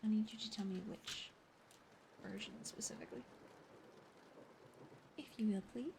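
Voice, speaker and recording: A young woman whispering softly on an ASMR livestream, chatting and giggling with viewers as she thanks them and tells a story. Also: mid-range voice, very animated, moderate pace, background noise. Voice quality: soft whispery voice. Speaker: streamer. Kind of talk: whispered ASMR stream chat.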